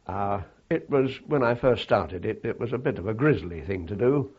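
An older man recalling his wartime service in a halting, reflective way, with frequent fillers and restarts. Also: on the low side, expressive, slightly rough, lo-fi sound. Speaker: interviewee. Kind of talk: oral history recollection.

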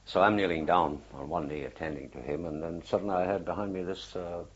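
Recorded on dull, lo-fi audio like an old archive tape, an older war veteran with a very low, husky voice recounts his wartime days in an oral history interview. His storytelling is halting and unhurried, circling back through many fillers and restarts.

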